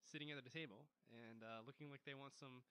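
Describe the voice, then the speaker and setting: A man telling a rambling story as a podcast guest, animated and laughing, tossing in Spanish words. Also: medium pitch, a little fast, clean tone. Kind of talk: casual storytelling chat.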